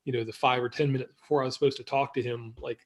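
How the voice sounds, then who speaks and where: Husky man around forty. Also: mid-range voice, fairly even intonation, rapid-fire. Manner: thoughtful, self-deprecating. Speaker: podcast guest. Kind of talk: casual chat.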